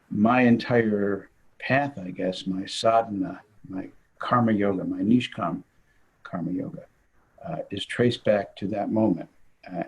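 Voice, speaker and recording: An older man, a physician, telling an animated anecdote in conversation and laughing as he goes. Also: on the low side, husky, rough recording. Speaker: guest physician. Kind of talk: storytelling in conversation.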